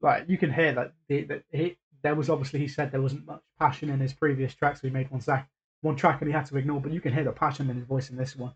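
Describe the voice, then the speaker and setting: A man's voice: mid-range voice, steady tone, fast talker, muffled recording. A man hosting a reaction video, talking casually and hesitantly with lots of fillers and restarts.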